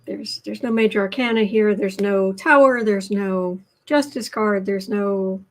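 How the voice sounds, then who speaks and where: A woman co-hosting a casual political tarot livestream, chatty and quick to laugh. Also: medium pitch. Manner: chatty, laughs easily, talks with her mouth full. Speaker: tarot reader co-host.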